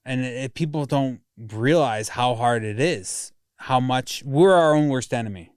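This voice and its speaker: A man of Greek family heritage opens up on a podcast, candid and emotional, cursing freely while recalling his past. He speaks a little slowly in a clear, resonant mid-range voice, recorded dry at studio quality.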